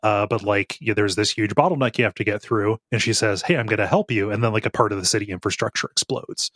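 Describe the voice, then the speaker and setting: A man co-hosting a podcast in casual game review chat, relaxed and thoughtful with brief hesitations. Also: lowish voice, quick pace, dry recording, clean studio sound. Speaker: podcast co-host.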